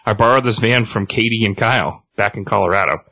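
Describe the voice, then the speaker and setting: A man's voice: fairly low pitch, fast talker, sharp tone, dry recording. A man reading as a cold plant villainess. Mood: calm. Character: weary plant-powered villainess, cold and menacing. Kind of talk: reading comic dialogue aloud.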